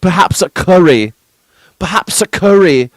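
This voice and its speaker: A man's voice: high-pitched, expressive, a little slow, no room sound, pitched above the performer's own voice. A man voicing a pompous, condescending British man in a mocking fake British accent. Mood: smug mocking. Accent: mock British. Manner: haughty, sing-song, mocking.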